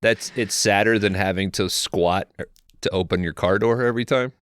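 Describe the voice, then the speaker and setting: Low-voiced man cracking crude jokes. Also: moderate pace, a bit bright, clear, resonant tone. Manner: joking, profane wisecracks. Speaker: podcast co-host. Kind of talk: casual chat.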